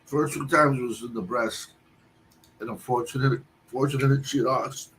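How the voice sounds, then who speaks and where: A man telling a long personal story on a livestream, halting often and restarting his sentences. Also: mid-range voice, fairly even intonation, fairly bright tone. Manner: halting, with many restarts and fillers. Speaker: guest storyteller. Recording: distant mic with faint background noise.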